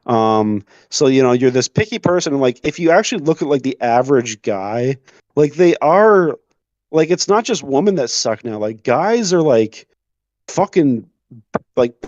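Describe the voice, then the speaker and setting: A man's voice: mid-range voice, moderate pace, dry recording. A young man co-hosting a podcast, telling rambling, profane stories in casual chat. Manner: rambling, profane, animated storytelling. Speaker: podcast co-host. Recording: dull lo-fi sound, dry room.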